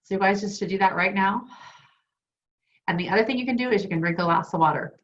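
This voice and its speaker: Co-hosting an online wellness program, a woman teaches in a chatty, enthusiastic way and shares personal stories. She's a fast talker with a medium-pitched, fairly bright voice. It's recorded over a video call with dull, lo-fi audio.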